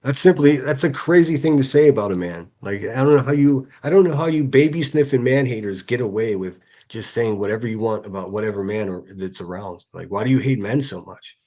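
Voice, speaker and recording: A man's voice: medium pitch, lively intonation, a little fast, hardly any pauses, dark tone. A man hosting a solo livestream, reading out hostile comments and answering them in a sarcastic, profane rant. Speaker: livestream host.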